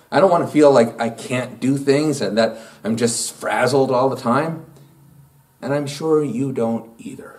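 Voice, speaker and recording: A man's voice: mid-range voice, a little mellow, far from the mic. Man giving a sermon. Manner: slow, emphatic reading with rising, stressed phrases. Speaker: pastor. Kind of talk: gospel reading and sermon. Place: church sanctuary.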